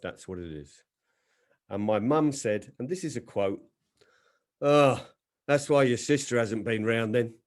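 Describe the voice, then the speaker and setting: A man doing stand-up storytelling on a video call, swinging between loud acted quotes and low, dry asides. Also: unhurried, pauses often. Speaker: stand-up comedian. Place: home setup on a video call.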